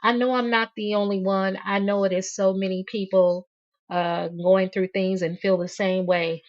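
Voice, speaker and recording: A woman's voice: mid-range voice, flat delivery, moderate pace, darkish tone, dull audio. A woman in her fifties hosting a casual livestream, talking candidly and emphatically, often laughing mid-sentence. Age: 50s. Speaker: livestream host. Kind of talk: casual livestream talk reading chat.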